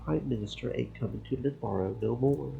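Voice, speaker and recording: A man's voice: mid-range voice, a little fast, gravelly, warm tone, highs cut off, slight background noise. A man doing a sly easygoing local man. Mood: calm.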